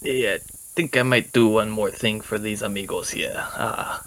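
A man playing a tabletop game, easygoing and unhurried as he describes what his character does. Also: on the low side, steady tone, fairly bright tone, poor audio. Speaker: player. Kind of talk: casual tabletop play.

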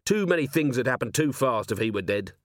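A man's voice: mid-range voice, animated, fairly quick, dry recording, lightly acted. A man voicing a weary, blunt male watch commander who talks in a dry, clipped way. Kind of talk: audiobook character voice.

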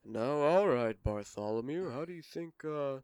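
A man playing Santa Claus as a vengeful action hero in an improvised comedy podcast, with a lively, theatrical delivery. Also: mid-range voice, a little slow, smooth, no room sound. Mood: scheming. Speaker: podcast host. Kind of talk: improvised comedy role-play.

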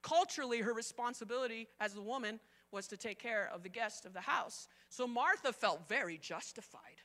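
This middle-aged woman pastor tells her sermon story with vigor, voicing the quotes and shifting from loud to soft. Her pitch is fairly high, her pace brisk, and she barely pauses.

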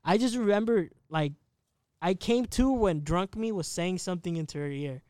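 High-voiced young man telling a story. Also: moderate pace, darkish tone, no echo, studio quality. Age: 20s. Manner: rambling, profane, laughs at himself. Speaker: podcast co-host telling a story. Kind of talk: casual storytelling chat.

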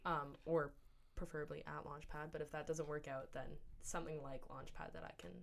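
A woman's voice: low-pitched, level tone, brisk. A teenage girl from Canada, chatting casually as the interviewee, with lots of fillers and restarts. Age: teens.

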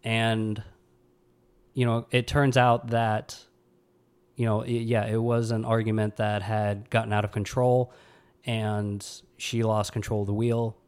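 A man in his thirties from Mississippi, hosting a podcast and telling a personal story in a somber, halting way with many restarts. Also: on the low side, flat delivery, a little mellow, smooth. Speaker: podcast host.

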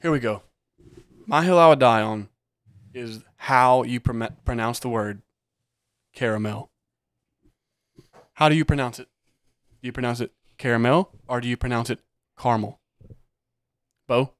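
A man's voice: mid-range voice, normal speed, smooth, dry recording, studio quality. A man on a podcast arguing his point bluntly and cursing freely. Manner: profane, argumentative. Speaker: podcast co-host. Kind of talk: casual chat.

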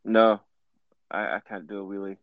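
A man's voice: fairly low pitch, moderate pace, no echo, narrow, tinny audio. A Scottish man co-hosting a casual podcast, chatting and joking. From Scotland. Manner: jokey, chatty, lively. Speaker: podcast co-host.

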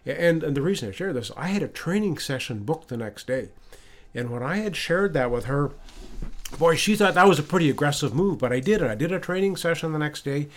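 A man's voice: on the high side, expressive, a little fast. A man hosting a podcast, casually telling a personal story and retelling conversations, often restarting and repeating words. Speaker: podcast host. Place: lives in Ottawa.

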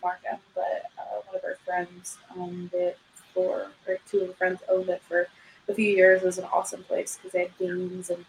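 A woman chatting casually on a podcast, relaxed and easygoing. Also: fairly low pitch, moderate pace, gravelly, slight background noise, poor audio. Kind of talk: casual chat.

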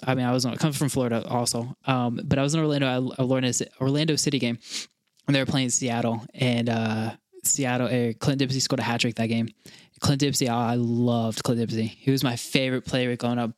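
A young man from North Carolina rambles through a casual podcast chat, excitable and full of restarts and fillers. His pitch sits in a middling range. The sound is dry and close, with no room around it. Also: no room sound. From North Carolina, USA. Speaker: podcast co-host.

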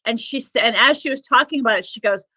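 Talking fast in a voice on the high side, this healer and Akashic records reader rambles earnestly through podcast stories, leaning heavily on "like." Her tone is bright and pushed. The sound is dry and the recording rough.

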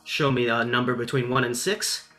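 Bright-voiced man running a tabletop game. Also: mid-range voice, steady tone, moderate pace, soft background music. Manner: casual, lots of fillers, laughs easily. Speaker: game master.

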